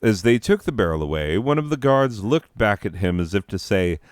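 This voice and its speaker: A man narrating a comic story in a deadpan, profane, self-mocking way, breaking off into rants. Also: on the low side, moderate pace, no room sound, studio quality. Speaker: comedic narrator.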